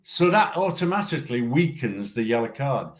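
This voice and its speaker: Older man talking slowly with halting repeats. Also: mid-range voice, big pitch swings. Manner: halting, repeats words, measured. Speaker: former referee assessor. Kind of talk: casual discussion.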